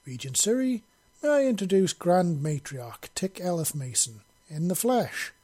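A man reading a calm clan patriarch. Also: high voice, measured pace, pitched above the performer's own voice, full character voice. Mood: persuasive.

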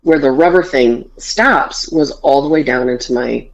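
A woman's voice: very deep voice, moderate pace. A woman hosting a casual podcast, telling a story with bawdy humor and acting out both sides of a conversation. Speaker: podcast host. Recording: dull lo-fi podcast audio.

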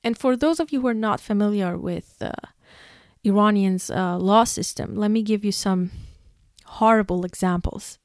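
A woman's voice: medium pitch, moderate pace, darkish tone, no room sound, studio quality. A young woman from Iran giving an emotional, exasperated opinion monologue as a vlogger, sighing and laughing between points.

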